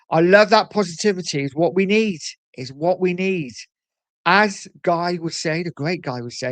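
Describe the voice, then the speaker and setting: A man hosting a casual livestream, reading out viewer comments in a chatty, animated way with frequent ums. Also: fairly high pitch, unhurried, no room sound. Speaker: livestream host reading chat. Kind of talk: casual live chat.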